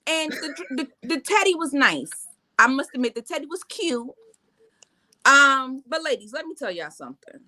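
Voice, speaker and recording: A woman in her forties co-hosting a casual chat, telling stories in an animated way and acting out what people said. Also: high-pitched, moderate pace. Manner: animated storyteller acting out quotes. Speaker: co-host. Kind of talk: casual chat recapping reality TV.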